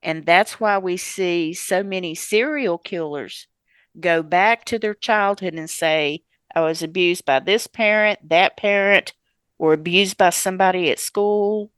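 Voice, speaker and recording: A woman hosting a casual interview, speaking in an unhurried way and reacting with sympathetic exclamations. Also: lowish voice, clean tone, no room sound. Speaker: host.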